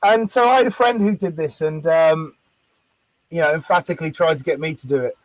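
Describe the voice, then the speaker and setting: A man's voice: a little high, fairly quick, no echo, poor audio. A man hosting a casual interview, asking conversational questions and sharing anecdotes. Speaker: host.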